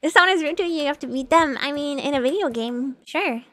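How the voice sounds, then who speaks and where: A woman's voice: high voice, fast, a bit bright. A young woman streaming a video game, chatting casually and giggling as she reacts to what happens on screen. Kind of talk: casual gameplay commentary. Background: game music.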